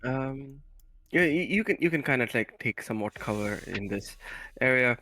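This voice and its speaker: Male game master, mid-pitched, hesitant, narrating a tabletop session online. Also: lively intonation, sharp tone, dry recording. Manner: halting, many fillers.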